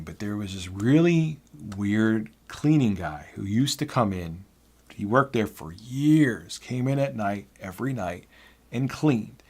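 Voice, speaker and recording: A man in his thirties casually telling a work story in an animated, exasperated way. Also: on the low side. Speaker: YouTuber.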